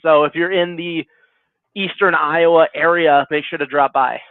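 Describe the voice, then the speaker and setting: A man's voice: on the high side, steady tone, moderate pace, no echo. A man joining a stream remotely, easygoing and full of fillers as he plugs his gym. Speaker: guest grappler. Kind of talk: casual chat. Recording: tinny phone-like call line.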